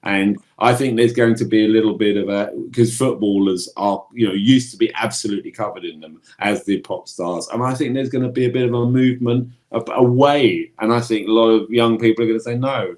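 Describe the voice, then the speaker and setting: A man's voice: lowish voice, fairly even intonation, fairly quick, few pauses, a little mellow. Rambling man on a gardening podcast. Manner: rambling, self-interrupting storyteller. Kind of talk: casual chat.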